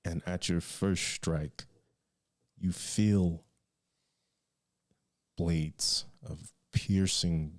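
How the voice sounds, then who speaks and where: A man narrating as game master in a tabletop game, halting and restarting as he draws out his descriptions. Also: low-pitched, a little mellow. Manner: halting, with many fillers and restarts, drawn-out descriptions.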